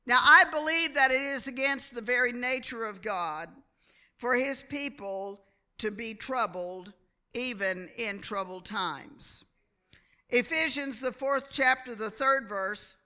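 A woman preaching a sermon in a slow, deliberate way, often calling for an amen from the listeners. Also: a little high, bright, forceful tone. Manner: slow, deliberate delivery, calls for amens. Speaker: church speaker.

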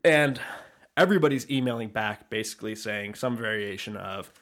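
A man's voice: on the low side, normal speed, a bit bright. A man co-hosting a podcast, chatting casually with dry teasing humor and explaining his work at length. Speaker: podcast co-host. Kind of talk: casual chat.

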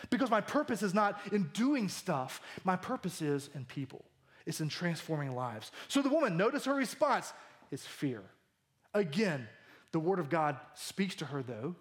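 A man in his thirties preaching a sermon, animated and jokey, acting out the lines he quotes. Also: high-pitched, moderate pace. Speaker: pastor.

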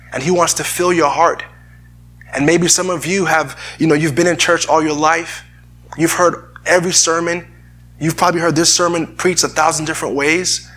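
A man preaching to his congregation, his slightly husky voice bright and forceful. He sits a little higher than most men and stays earnest throughout, circling back over words as he works toward a point. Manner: earnest, repeats words while searching for phrasing. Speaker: pastor. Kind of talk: sermon with scripture reading.

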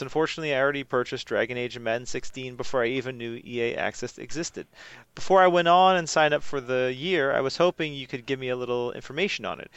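A man's voice: medium pitch, smooth, dry recording, lo-fi sound. An American man hosting a gaming podcast, chatting casually and reading listener emails aloud. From United States. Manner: lively, reads questions aloud. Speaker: podcast host.

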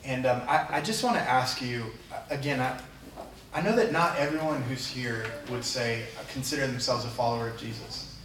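A man's voice: medium pitch, normal speed, a bit bright, roomy sound, distant mic, a little hiss or hum, low-quality recording. A man preaching a sermon as a pastor in a church, earnest and conversational, talking plainly to his congregation. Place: church sanctuary.

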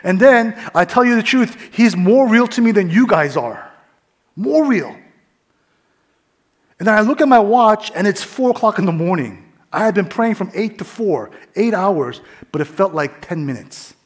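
A young man preaching his testimony, swinging between hushed whispers and loud fervent bursts. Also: high voice, animated, normal speed. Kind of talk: testimony sermon.

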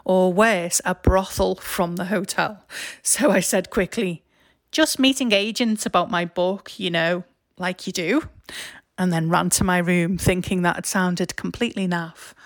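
A woman's voice: fairly low pitch, vocal fry, no room sound, clean studio sound. Wry Liverpool woman reading her memoir. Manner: wry, self-mocking, expressive. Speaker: author and narrator. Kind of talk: memoir storytelling, read aloud.

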